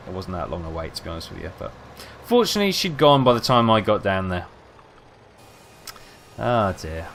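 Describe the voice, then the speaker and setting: Rambling man with a low voice. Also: fairly bright tone, a little hiss or hum. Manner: rambling, self-mocking storyteller. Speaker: gaming video host. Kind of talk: casual commentary over gameplay.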